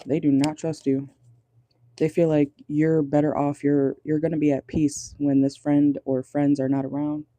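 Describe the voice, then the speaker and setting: A man's voice: fairly high pitch, flat delivery, normal speed, warm tone, no room sound. A man giving a casual pick-a-card tarot reading in a car, chatty and amused, laughing often. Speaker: tarot reader.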